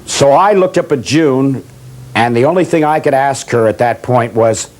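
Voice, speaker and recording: A man's voice: mid-range voice, normal speed, low-quality recording. A man in an interview recalling a mishap on a TV set in a matter-of-fact way. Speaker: interviewee, actor. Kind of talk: storytelling interview.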